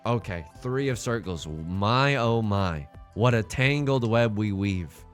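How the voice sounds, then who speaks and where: A man's voice: lowish voice, animated, slow, faint music behind. A man hosting a game let's play, commenting with jokes and swinging between mock despair and hype.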